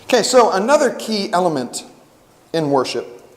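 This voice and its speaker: Middle-aged male camp preacher, animated storyteller, slightly high pitch, echoing hall. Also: normal speed. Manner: animated storyteller, acts out quotes. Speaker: camp worship speaker. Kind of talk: storytelling sermon. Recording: long hall reverb.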